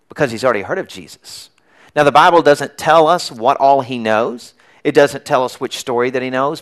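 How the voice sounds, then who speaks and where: A middle-aged man delivers a Sunday sermon, walking his congregation through a Bible story. He tells it with animation, slipping into raised, shouted lines for the people in it. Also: mid-range voice. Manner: animated storytelling, acting out the crowd's and beggar's shouts. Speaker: pastor.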